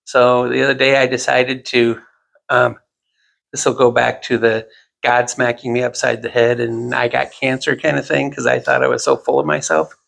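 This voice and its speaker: A man unspools a meandering everyday story in relaxed conversation, poking fun at himself along the way. His voice carries a gravelly rasp at a medium pitch. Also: moderate pace. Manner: rambling, animated anecdote with self-deprecating asides. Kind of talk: casual storytelling chat.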